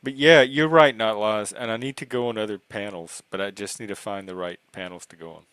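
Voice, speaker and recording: Male stream host, low voice, laid-back and agreeable, dry close mic. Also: brisk, a bit bright, clear, resonant tone, no echo, poor audio. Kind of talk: casual chat.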